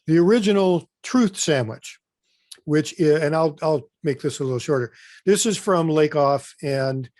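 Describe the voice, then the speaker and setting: A man leading a webinar in a relaxed, conversational way, stopping often for fillers and self-corrections. His voice sits a little high for a man. It comes through close and dry, with no room sound. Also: unhurried, no room sound. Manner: loose and conversational, with many fillers and restarts. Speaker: webinar presenter. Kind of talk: informal webinar presentation.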